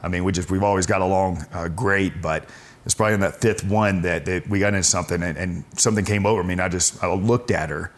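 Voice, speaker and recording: A deep-voiced man in his forties, speaking low and steady, tells a personal story to an interviewer. He is earnest and often halts and restarts his sentences. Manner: earnest, halting, with frequent restarts. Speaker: guest telling his faith story.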